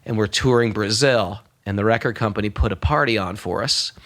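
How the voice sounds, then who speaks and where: Animated New storyteller man. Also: on the low side, brisk. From New York. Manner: animated storyteller who acts out voices. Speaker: podcast guest. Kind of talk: storytelling in conversation.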